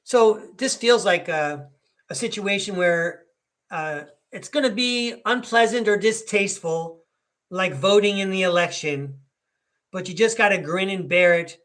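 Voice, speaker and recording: A man from the United States hosts a podcast, reading tarot live while chatting and rambling folksily, often cracking up with laughter. His voice sits high, unhurried, with a fairly bright tone.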